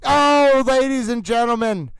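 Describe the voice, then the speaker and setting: A man's voice: extremely high pitch, unhurried, a bit bright, smooth, dry recording, low-quality recording. A man hosting a comedic livestream, talking like an overwrought horse-race announcer with theatrical exclamations. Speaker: livestream trial commentator.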